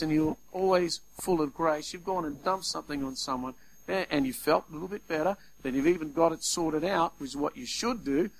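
Animated man preaching. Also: a little high, rough recording. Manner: animated, acts out little scenes in quoted voices. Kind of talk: sermon.

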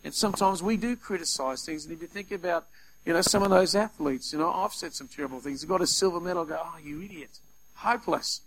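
Animated man preaching. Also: fairly high pitch, fast talker, low-quality recording. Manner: animated, acts out little scenes in quoted voices. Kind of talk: sermon.

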